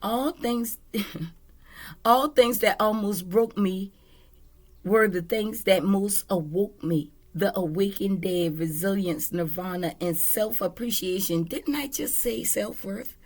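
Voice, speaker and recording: A woman's voice: mid-range voice, slow. A woman tarot reader giving a casual spiritual monologue, blunt and candid, with swearing.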